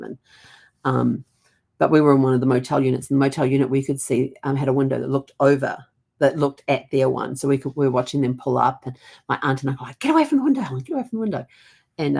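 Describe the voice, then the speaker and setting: A very deep, darkish voice with vocal fry belongs to a middle-aged genealogy vlogger from New Zealand. She tells family stories casually, breaking into a laugh occasionally.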